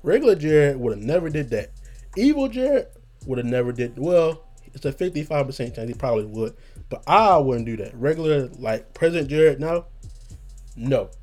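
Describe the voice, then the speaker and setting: A man's voice: a little high, expressive, fairly quick, darkish tone, faint music behind. A young man casually telling a profane, laughing story and acting out his own lines.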